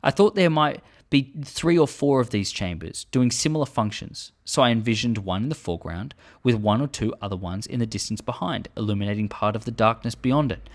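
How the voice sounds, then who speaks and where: Enthusiastic man reading and commenting. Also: medium pitch. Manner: earnest, enthusiastic fan. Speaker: host.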